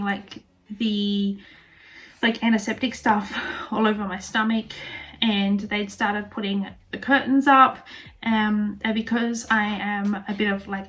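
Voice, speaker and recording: A woman's voice: mid-range voice, fairly bright tone. A young Australian woman telling a personal story in a chatty vlog style, full of fillers and emotion. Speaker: vlogger.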